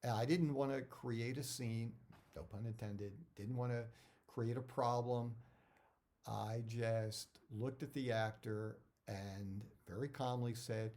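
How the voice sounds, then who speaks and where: A man's voice: medium pitch, steady tone, slow pace, a little mellow. A middle-aged man, an actor, giving career advice in a casual talk that rambles, repeats words and drifts off topic.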